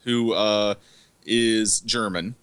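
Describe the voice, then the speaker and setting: A man's voice: on the low side, fairly even intonation, very slow, fairly bright tone, clear, resonant tone, dry recording. A man co-hosting a podcast, reviewing movies in casual chat, rambling and swearing with lots of fillers. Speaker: podcast co-host.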